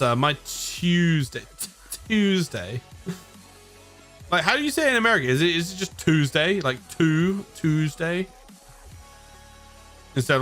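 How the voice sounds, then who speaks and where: A man's voice: mid-range voice, pushed and bright. Tired, rambling man with an English accent. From United Kingdom. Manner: rambling, chuckles often, self-mocking. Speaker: live streamer. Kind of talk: casual live-stream chat.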